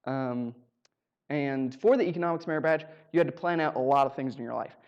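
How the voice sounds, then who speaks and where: A man's voice: mid-range voice, fairly quick, darkish tone, muffled recording. A man telling a personal story on stage at a live show, in a humorous, self-mocking way, acting out bits of dialogue.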